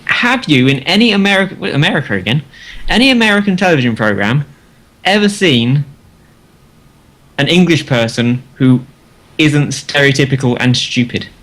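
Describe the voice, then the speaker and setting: A man chatting casually on a podcast panel, musing and halting as he thinks. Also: fairly high pitch, animated, a bit bright, rough recording. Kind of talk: casual chat.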